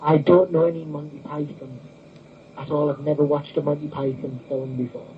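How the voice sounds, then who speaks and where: A British man guesting on a chat show, his humor dry and deadpan. His voice sits a touch high for a man. It comes through a thin, phone-like line. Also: normal speed, slight background noise. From United Kingdom. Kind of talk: casual chat. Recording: tinny phone-like call audio.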